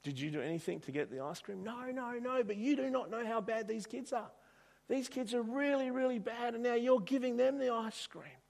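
A man voicing a jealous young boy in a told story, shouting and tattling on the other kids. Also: very high voice, a little fast, creaky, pitched above the performer's own voice. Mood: pleading.

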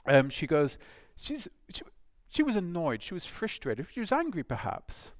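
A man preaching a sermon, animated and emphatic, with rhetorical questions and restarts. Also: on the high side, normal speed, no room sound, clean studio sound.

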